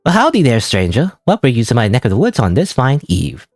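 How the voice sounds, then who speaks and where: A man voicing a folksy, friendly Canadian lumberjack woman in a put-on Canadian accent, reading a game character's lines aloud with hearty homespun warmth. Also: mid-range voice, wildly swooping pitch, brisk, no echo, clean studio sound.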